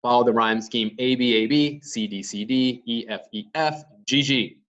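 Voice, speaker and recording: A man's voice: mid-range voice, normal speed, fairly bright tone, distant mic, muffled recording. A male teacher giving a lecture, explaining step by step and answering his own questions. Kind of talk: classroom lecture.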